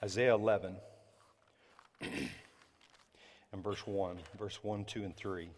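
A male pastor preaching a sermon during a church service. He talks conversationally, breaks into sudden loud bursts, and adds apologetic asides. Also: low voice, steady tone, takes it slowly, long reverb tail, slight background noise.

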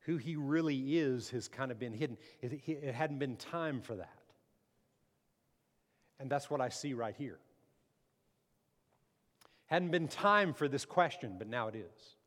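A pastor preaching a sermon, emphatic and repeating phrases, calling the congregation to answer amen. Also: male voice, medium pitch, unhurried, long pauses, a bit bright. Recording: long hall reverb.

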